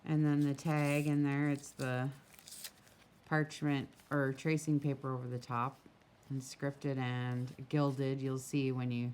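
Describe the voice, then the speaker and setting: A woman's voice: very deep voice, level tone, slow, darkish tone, slight background noise. A woman who runs a craft shop, casually chatting as she flips through a handmade journal, gushing and full of small asides, recorded outdoors in a breeze on a camera mic.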